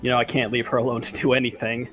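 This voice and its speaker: A man's voice: medium pitch, level tone, very fast, a bit bright, faint music behind, lightly acted, rough recording. A man voicing a sardonic female fighter who answers with dry comebacks.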